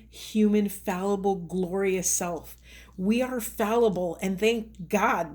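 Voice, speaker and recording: Gentle, rambling spiritual woman reader. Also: mid-range voice. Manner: gentle, reflective, rambling with fillers. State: emotional, voice rising. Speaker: tarot reader. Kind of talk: spiritual reading talk.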